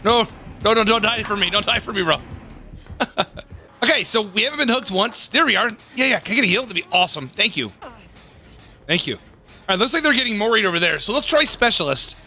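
High, bright excitable gamer guy. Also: fairly quick. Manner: excitable, swears and laughs often. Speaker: gaming YouTuber. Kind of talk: casual gameplay commentary.

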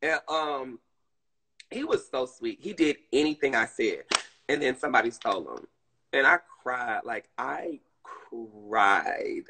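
A man's voice: medium pitch, moderate pace, husky. A man from Georgia, chatting casually and telling stories on a live stream. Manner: chatty, expressive storytelling.

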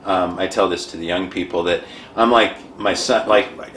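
A man guest on an interview show, animated and self-described dramatic, telling a personal story. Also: low-pitched, normal speed. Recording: echoey room, faint background noise.

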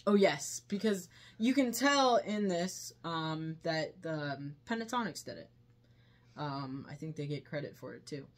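A woman's voice: deep voice, animated, unhurried. A woman reviewing a movie in casual chat, laughing often as she retells scenes.

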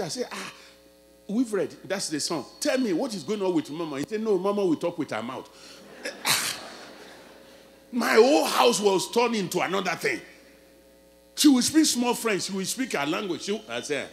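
A man with a high voice delivers a sermon. His telling goes hushed and intimate, then rises to full-throated shouting. A steady electrical hum sits under the recording. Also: moderate pace, creaky, long pauses, soft background music. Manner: swings from quiet storytelling to loud shouted preaching. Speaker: pastor.

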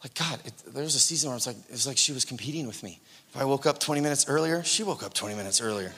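A young adult man preaching a sermon, conversational and lively, acting out his own inner voice and dropping to near whispers at times. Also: medium pitch, racing, a little hiss or hum. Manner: conversational preaching, acts out inner voices, swings loud and soft. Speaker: pastor. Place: church sanctuary. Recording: long hall reverb.

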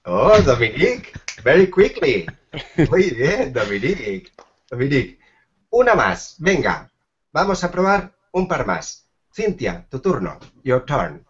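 A man teaching a language class online, lively and encouraging with his students. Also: medium pitch, normal speed. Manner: lively, encouraging, laughs often. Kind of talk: online mini-lesson. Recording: dull lo-fi video call with faint noise.

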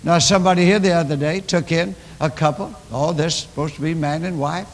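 Older preacher in a reverberant hall. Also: male voice, fairly high pitch, fairly even intonation, fairly quick. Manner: emphatic preaching, storytelling with repetition. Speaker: pastor. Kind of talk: sermon. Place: large church. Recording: long church hall reverb.

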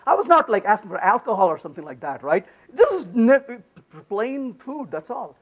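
A man giving a lively conference talk on programming, emphatic and full of anecdotes. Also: extremely high pitch, normal speed. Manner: animated, emphatic, storytelling. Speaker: conference speaker. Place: conference session room.

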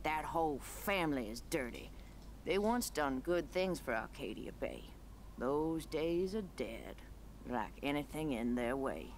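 An actress voicing a gruff, street-wise homeless woman in a video game, talking bluntly. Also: low-pitched, sing-song, unhurried, a little hiss or hum, exaggerated voice.

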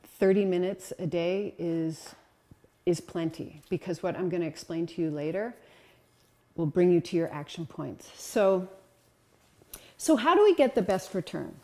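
A woman lecturer presents a slide talk to an audience in a conversational, encouraging way, with frequent ums and uhs. Her lowish voice is animated and a little mellow, at a measured pace.

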